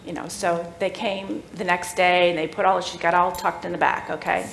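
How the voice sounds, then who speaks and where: A middle-aged woman telling a personal faith story at a church workshop, animated and laughing as she acts out the voices of people in the story. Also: lowish voice, moderate pace, vocal fry, a little hiss or hum. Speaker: workshop speaker. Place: church room. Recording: echoey room with faint ambience.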